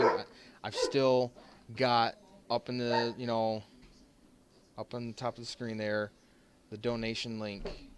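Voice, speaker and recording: A man giving an emotional thank-you to his stream viewers, choked up and halting, restarting his sentences and pausing often as he holds back tears. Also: medium pitch, heavy background noise. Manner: halting and heartfelt, many restarts and pauses.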